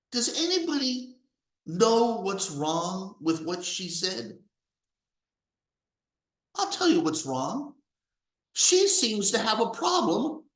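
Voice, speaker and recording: A man's voice: very high voice, sharp tone, reverberant, rough recording. A man giving an angry, profane political rant as a commentator, with heavy emphasis.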